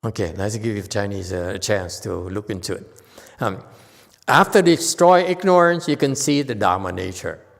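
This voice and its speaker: A man giving an unhurried dharma lecture as a Buddhist teacher, often pausing to check in with his listeners. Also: sits low, vocal fry. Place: temple hall. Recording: long hall reverb.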